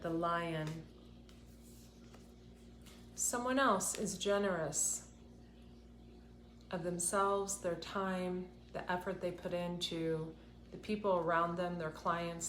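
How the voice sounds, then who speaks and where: A woman with a lowish voice gives an intuitive card reading in a slow, earnest way, near tears. She sounds like she is in an echoey room with faint ambience behind her. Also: steady tone, fairly bright tone, slight background noise. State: tearful, close to crying. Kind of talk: tarot-style card reading to camera.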